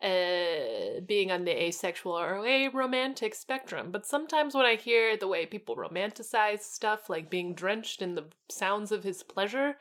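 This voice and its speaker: A woman's voice: medium pitch, a little hiss or hum. A woman co-hosting a comedy podcast, chatting casually and hesitantly with lots of fillers. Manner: lively, hesitant, with fillers and quick agreements. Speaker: podcast co-host.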